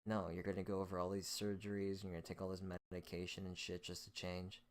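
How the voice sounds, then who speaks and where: A man with a very deep, low voice rants on his own, hostile and scornful. He swears freely and talks down to his listeners in a blunt, aggressive tone. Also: completely flat delivery, fast talker. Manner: hostile, profane, scornful ranting. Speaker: host. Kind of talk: solo rant monologue.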